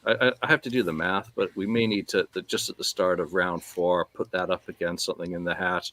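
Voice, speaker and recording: A man hosting a casual podcast, talking in a relaxed way with joking asides and plenty of fillers. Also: deep voice, a little fast, a little hiss or hum. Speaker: podcast host.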